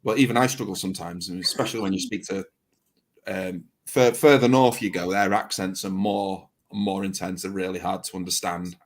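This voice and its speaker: A man's voice: low-pitched, fairly even intonation, moderate pace. Northern english guy, easygoing, plain talking, explaining stuff to mates. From England. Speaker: guest YouTuber on a livestream. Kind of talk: casual chat.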